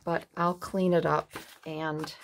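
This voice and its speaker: A woman's voice: low-pitched, level tone, slow pace, noisy background. A middle-aged woman hosting a craft video, chatting casually in a rambling, folksy way while she works in her craft room.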